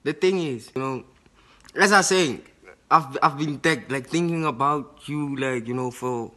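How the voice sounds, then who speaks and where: A man's voice: medium pitch, measured pace, sharp tone. A young man, hosting a casual video and making a prank call, rambling with slang and fillers. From South Africa. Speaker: YouTuber host.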